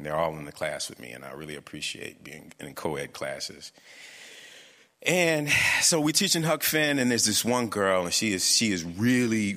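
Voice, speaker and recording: Earnest man with a bright, forceful voice. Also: deep voice, big-room sound. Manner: earnest, reflective, halting with restarts. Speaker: storyteller. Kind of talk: personal storytelling on stage.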